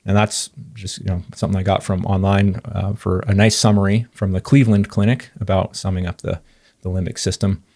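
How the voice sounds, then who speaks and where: A man's voice: low voice, flat delivery, fairly quick, vocal fry, darkish tone. A man, a physical therapist in his thirties, talking through patient experiences in a thoughtful, earnest podcast monologue with frequent fillers and restarts.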